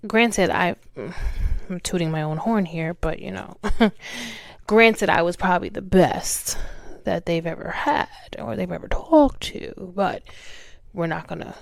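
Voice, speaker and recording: A woman's voice: lowish voice, lively intonation, unhurried, creaky, dry recording. A young woman hosting a casual talk show, speaking candidly and chattily and laughing at herself. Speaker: podcast host. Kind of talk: casual chat.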